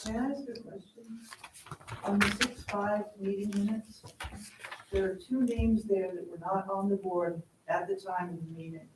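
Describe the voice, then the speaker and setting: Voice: medium pitch, steady tone, moderate pace. A speaker at a town board meeting who raises procedural questions about the minutes politely and carefully. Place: town hall meeting room. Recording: distant roomy mic with noise.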